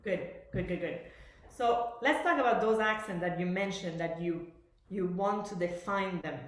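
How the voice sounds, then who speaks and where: A woman's voice: medium pitch, normal speed. A woman teaching a master class, coaching a student and explaining at length, often searching for words. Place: music school room. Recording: very echoey room.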